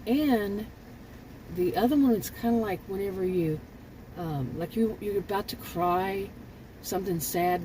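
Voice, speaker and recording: A woman's voice: fairly low pitch, background noise. An older woman vlogging in a casual, rambling monologue, often restarting her sentences and sounding frankly exasperated.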